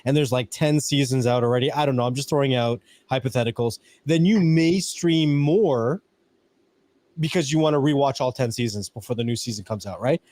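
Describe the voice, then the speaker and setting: A man's voice: mid-range voice, a little fast, darkish tone. A man hosting a casual live-stream podcast, talking through a point and checking in with "right?" as he goes. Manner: conversational, keeps tagging "right?" onto his points. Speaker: podcast host.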